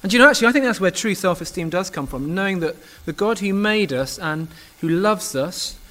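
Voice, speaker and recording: A man's voice: sits high, lively intonation, a little fast, pushed and bright. A man preaching a sermon in a church, earnest and emphatic, now and then restarting a word.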